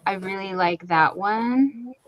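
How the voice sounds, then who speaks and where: A woman's voice: mid-range voice, slow pace, noisy background. A woman hosting a crochet livestream from her home, chatting casually and reading out viewer comments. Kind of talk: casual chat to a live audience.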